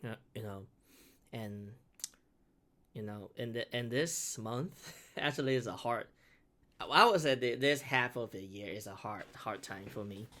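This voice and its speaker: A man's voice: on the low side, pushed and bright. A man whose first language is Mandarin, giving casual, heartfelt reaction commentary in English, stopping and restarting his sentences. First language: Mandarin Chinese. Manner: halting, many restarts and repeated words; earnest, heartfelt. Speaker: beatboxer reacting to videos.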